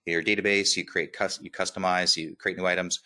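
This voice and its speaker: A man with a slight lisp presenting a software demo in an upbeat, quick webinar walkthrough, often checking in with "right?". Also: low voice, level tone.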